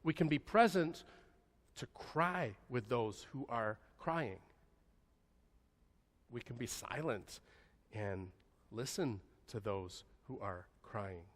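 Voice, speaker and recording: A man preaches a sermon in a church sanctuary, his voice sitting in a middle pitch. He speaks slowly and softly, with long pauses, often sinking to a hush. The sound rings with the long reverb of the hall. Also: animated. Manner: slow, soft-spoken, with long pauses and dropping to a hushed voice. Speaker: pastor.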